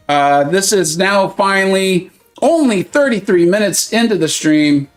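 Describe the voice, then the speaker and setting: A man's voice: high-pitched, animated, measured pace, soft background music. A man streaming a mobile game live, joking and self-mocking while he chats with his viewers. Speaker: gaming streamer. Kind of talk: casual live-stream commentary.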